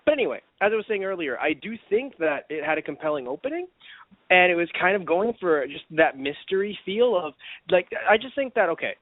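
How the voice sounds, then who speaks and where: A man chatting on a podcast, his speech rambling and full of fillers and restarts. His voice sits a touch high and swings widely in pitch. The sound is dry and thin, like a phone line. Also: sing-song, a little fast, no room sound. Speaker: podcast co-host. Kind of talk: casual podcast chat.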